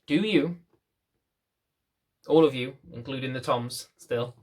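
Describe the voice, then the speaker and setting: A man's voice: mid-range voice, slow pace, darkish tone. A young man, a dog trainer, talking casually to camera in a blunt, rambling, self-mocking way.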